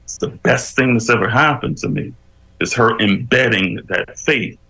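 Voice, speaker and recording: A man, a guest on an interview show, telling his life story with animated, preacherly emphasis that climbs as he builds a point. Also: lowish voice, gravelly, low-quality recording.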